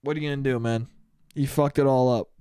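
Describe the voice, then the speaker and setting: A man's voice: medium pitch, steady tone, quick pace, mellow, clean tone, no room sound, clean studio sound. A young man from the United States hosting a casual solo podcast, ranting and swearing freely as he acts out the people in his stories. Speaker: podcast host.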